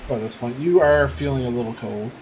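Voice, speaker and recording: A man's voice: medium pitch, brisk, darkish tone, a little hiss or hum, low-quality recording. A man running a tabletop game as game master, narrating loosely with lots of "like" and "kinda". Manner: loose, filler-heavy narration.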